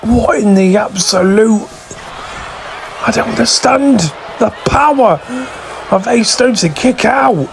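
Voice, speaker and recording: A man giving excited play-by-play wrestling commentary, shouting through near falls, his voice going hoarse from screaming. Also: high-pitched, a little slow, a little hiss or hum. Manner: shouting near counts, voice straining.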